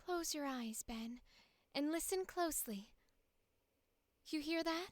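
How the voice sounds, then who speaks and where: A woman voicing a soft-spoken, tenacious young woman botanist in an anime-style audition read. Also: high voice, animated, slow, no echo, voice pushed up. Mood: gentle. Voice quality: soft, gentle.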